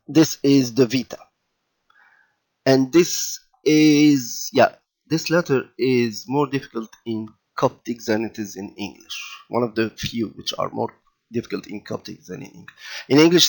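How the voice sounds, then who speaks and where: A man teaching a children's language lesson over slides, patient and deliberate, often checking in with "okay?" and restarting his phrases. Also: medium pitch, vocal fry, darkish tone. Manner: patient, repeats and checks in with "okay?" and "all right?"; slow and deliberate, with fillers and restarts.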